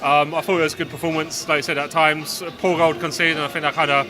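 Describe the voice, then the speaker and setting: A man chatting casually about a football match, relaxed and full of ums and likes. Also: on the high side, quick pace. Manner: relaxed, fills gaps with um and like.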